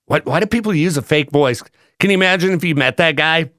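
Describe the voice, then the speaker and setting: A man's voice: fairly high pitch, quick pace, no room sound, studio quality. A man hosting a morning radio show, chatting casually and joking with frequent laughs. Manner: animated, joking, laughs often. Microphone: studio microphone.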